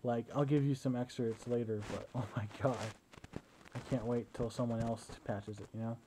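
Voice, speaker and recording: A man's voice: medium pitch, steady tone, moderate pace, noisy background. A young man talking into his phone in a casual, rambling video diary addressed to his partner. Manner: rambling, chatty storytelling. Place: at home indoors.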